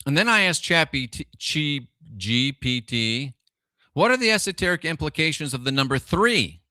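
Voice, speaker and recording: Bright-voiced man hosting a livestream. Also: on the high side, animated, moderate pace, dry recording, clean studio sound. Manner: talks to live viewers, asks rhetorical questions. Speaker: livestream host. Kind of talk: live-streamed commentary.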